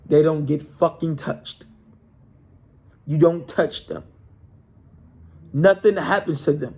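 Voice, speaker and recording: A man's voice: on the high side, slow pace, creaky, darkish tone, slightly rough, exaggerated voice. A man voicing a vengeful jilted fiancé who speaks in a stern, menacing way. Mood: loud.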